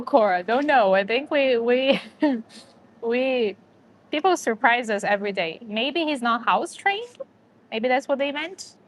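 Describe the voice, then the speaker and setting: A woman's voice: on the high side, a little hiss or hum. A woman hosting a casual livestream, chatting to viewers and a dog and laughing often. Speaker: livestream host.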